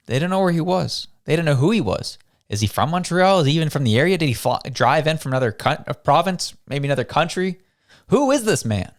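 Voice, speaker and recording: A Canadian show host delivers casual news commentary in a chatty, conversational style, peppering it with rhetorical questions. His voice sits a little high.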